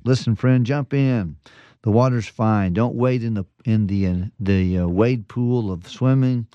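A man's voice: on the low side, unhurried, warm tone, clear, resonant tone, no echo, dull audio. A man pastor giving a folksy radio devotional, telling jokes and stories with chuckles and restarts.

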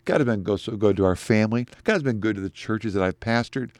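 A middle-aged male pastor preaching a sermon, animated and climbing high in pitch whenever he quotes scripture. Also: quick pace, dry recording.

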